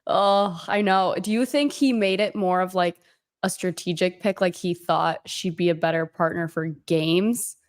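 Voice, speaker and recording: A young woman co-hosting a reality show recap, chatty and animated, reacting to the live chat. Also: on the low side, measured pace. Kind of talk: casual chat.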